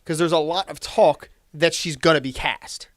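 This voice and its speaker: A man's voice: on the high side, steady tone, normal speed, no echo, clean studio sound. A man co-hosting a podcast, chatting casually and rambling from crude jokes into movie rumors. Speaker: podcast co-host. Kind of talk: casual chat.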